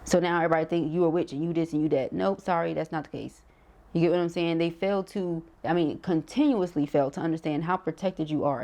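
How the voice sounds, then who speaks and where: A woman's voice: lowish voice, creaky, mellow. A woman with a sore throat giving a casual, emphatic tarot reading, full of slang and rhetorical questions. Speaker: tarot reader.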